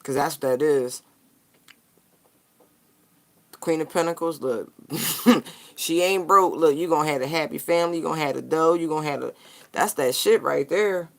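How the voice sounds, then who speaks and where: A person giving a casual tarot card reading straight to viewers, animated, slangy and profane. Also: mid-range voice, brisk, creaky.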